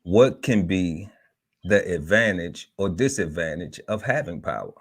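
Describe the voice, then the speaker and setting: A man hosting a live talk podcast, welcoming his panel and leading the discussion in a relaxed, easygoing way. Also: low voice, measured pace, husky. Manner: relaxed, repeats and restarts, leads with set segments. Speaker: podcast host.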